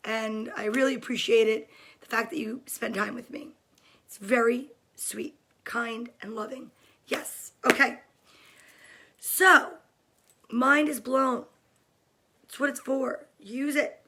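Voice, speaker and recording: Woman host, high clear voice, unhurried, chatty and upbeat, home webcam feel. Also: steady tone, bright, forceful tone. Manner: upbeat and chatty, greets viewers by name. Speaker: host of a daily kids' livestream. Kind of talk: casual livestream chat to viewers. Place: home room during quarantine.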